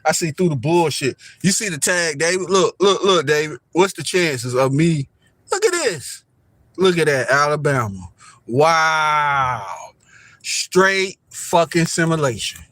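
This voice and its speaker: A man's voice: a little high, moderate pace, few pauses, fairly bright tone. Rambling man streaming from his car. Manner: rambling, repeats himself, keeps pointing things out to viewers. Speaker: live streamer. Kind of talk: casual live-stream commentary. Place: inside a car driving downtown. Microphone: phone camera.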